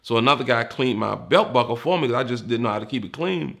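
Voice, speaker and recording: Gravelly DC man telling a candid story. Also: medium pitch, lively intonation, fast, a bit bright. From Washington, DC. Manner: candid and profane, acts out the people he quotes. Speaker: retired homicide detective recounting his career. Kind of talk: casual personal storytelling.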